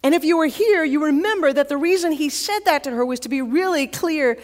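Woman chaplain, lively storytelling sermon, fairly high voice, long hall reverb. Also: fairly quick. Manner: conversational, vivid storytelling. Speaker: college chaplain.

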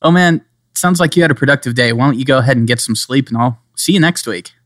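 A man's voice: medium pitch, quick pace, a bit bright, no echo. A man co-hosting a podcast, chatting casually in a mid-range voice. He rambles and jokes, now and then slipping into playful put-on accents. The sound is dry and close to the mic. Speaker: podcast co-host. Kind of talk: casual chat.

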